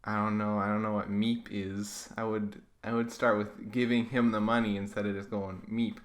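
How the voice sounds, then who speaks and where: A man's voice: lowish voice, little pitch movement, normal speed. A man giving sarcastic, comedic commentary as he reads through comics he drew as a kid. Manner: wry, sarcastic. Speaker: YouTuber reading his own childhood comics.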